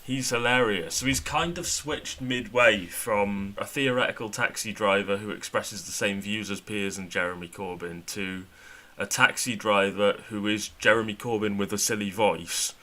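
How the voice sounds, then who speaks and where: A man's voice: lowish voice, fairly even intonation, moderate pace, hardly any pauses, bright, forceful tone. A man co-hosting a casual political podcast, talking with wry, sardonic mockery. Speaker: podcast co-host.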